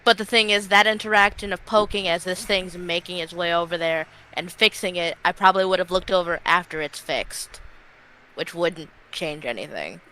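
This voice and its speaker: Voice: mid-range voice, moderate pace, bright, forceful tone, clean tone, low-quality recording. A tabletop player chatting casually and hesitantly about their character's actions. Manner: hesitant, many fillers and restarts. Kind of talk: casual tabletop game chat.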